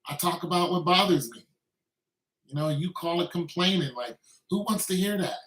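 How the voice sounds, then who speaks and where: A man's voice: high voice, lively intonation, moderate pace, a bit bright. A man in his fifties, a beatmaker chatting casually and grumbling in a rambling way that trails off mid-sentence. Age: 50s. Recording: roomy, distant mic with music behind. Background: beat music playing.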